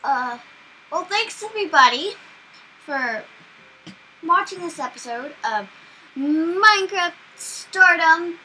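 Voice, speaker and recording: Young woman gamer, very high bright voice, slow and jittery commentary, faint dog noise behind. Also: expressive, rough recording. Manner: jumpy and easily frightened, repeating anxious pleas. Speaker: gaming channel host. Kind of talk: casual let's play commentary. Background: dog whining and barking.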